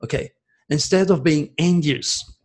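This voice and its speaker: Middle-aged guy ranting on his channel, kinda high and raspy, preachy, keeps going "okay?". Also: a little slow, low-quality recording. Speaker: astrologer hosting his own channel. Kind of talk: ranting solo monologue to viewers.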